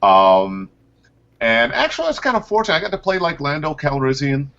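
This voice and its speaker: Lively man animated voice actor, muffled call audio. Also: a little fast, gravelly. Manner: animated storyteller, pitch leaps up and down. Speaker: voice actor guest. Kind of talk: casual interview over a video call.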